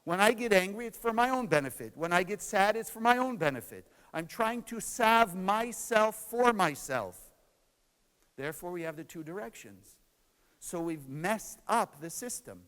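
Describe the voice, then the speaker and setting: A man's voice: high voice, long reverb tail, low-quality recording. A man teaching a spiritual lesson to a class, asking questions and answering them himself. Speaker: Kabbalah teacher.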